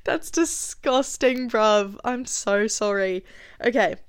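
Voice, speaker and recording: A young woman with a congested voice, earnestly chatting through a faith podcast episode with frequent fillers and soft laughs. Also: medium pitch, slow, clean tone, dry recording, clean studio sound. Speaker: podcast host. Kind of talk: casual faith podcast monologue.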